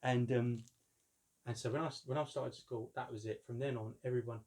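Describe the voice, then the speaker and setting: A man's voice: medium pitch, fairly even intonation, fairly quick, darkish tone. Rambling man of about fifty. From London, England. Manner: rambling storyteller, jokey, doing voices. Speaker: collector reviewing a figure. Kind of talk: casual chatty unboxing.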